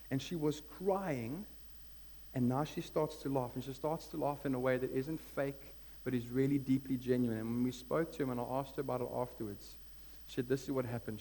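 A man's voice: medium pitch, mellow. A man preaching a sermon as pastor, earnest and building to emphatic peaks. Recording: long hall reverb with mains hum.

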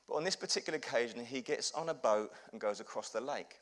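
A man preaching a sermon as pastor, telling stories with humor, swinging from loud bursts to hushed lows. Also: fast.

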